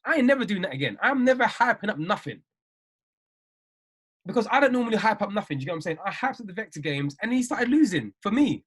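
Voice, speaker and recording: A man coaching traders on a video call, talking in an animated, emphatic way and repeating himself for effect. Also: high voice, fast talker, husky. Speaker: trading coach.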